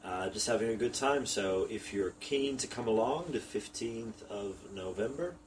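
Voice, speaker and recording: Deep-voiced man, off-mic. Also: moderate pace. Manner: relaxed, laughs often, explains technique. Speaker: strongman coach and podcast co-host. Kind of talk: casual podcast chat. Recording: distant from the mic, faint background noise.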